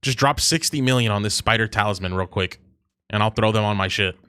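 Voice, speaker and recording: A man's voice: fairly low pitch, fairly quick, sharp tone, clean tone, dry recording, clean studio sound. Profane, teasing male streamer. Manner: profane, teasing, bursts into laughter. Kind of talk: casual gaming chat.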